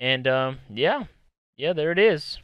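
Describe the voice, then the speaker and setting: Young man, gaming commentary, high lively voice, bright and crisp, swears a lot. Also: slow, dry recording. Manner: excitable, heavy swearing, shouts when hyped. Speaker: gaming YouTuber. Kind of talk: casual gameplay commentary.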